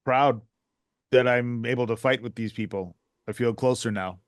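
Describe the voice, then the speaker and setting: A man's voice: medium pitch, moderate pace, no echo, studio quality. A man playing in a tabletop game, chatting casually with slight hesitations. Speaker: player. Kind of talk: casual chat.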